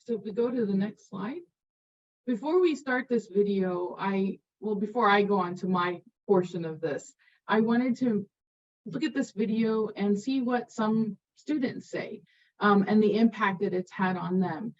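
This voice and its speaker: A woman who teaches high school science, introducing herself in a soft-spoken, casual way with light humor. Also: measured pace, dull audio. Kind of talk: casual presentation.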